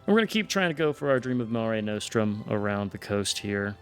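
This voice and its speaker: A man's voice: lowish voice, big pitch swings, fairly quick, soft background music. A man giving casual let's-play commentary on a strategy game, thinking aloud and often restarting or trailing off. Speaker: gameplay streamer.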